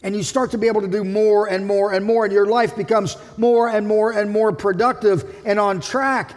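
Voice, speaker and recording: A man's voice: sits high, steady tone, normal speed, big-room sound. A man preaching a sermon as pastor, emphatic, voicing the figures of the passage he reads.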